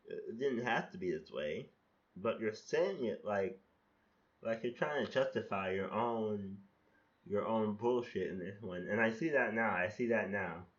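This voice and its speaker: A man with a lowish voice, talking through his own old writing in a loose, self-critical monologue. He restarts his sentences often and swears casually. The sound is a little dull and lo-fi. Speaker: podcast host reflecting on his own poems.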